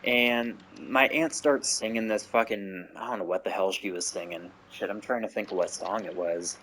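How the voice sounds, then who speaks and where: Gaming host, male, low voice, casual swearing storyteller who drifts into asides. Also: moderate pace, fairly bright tone, a little hiss or hum. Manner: constant swearing, rambling asides.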